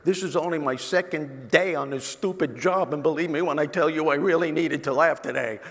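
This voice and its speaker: A man voicing a brash male toll booth worker with a New York accent and gruff big-city attitude, in a large reverberant hall. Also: a little high, fairly quick, close to an everyday voice. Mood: friendly.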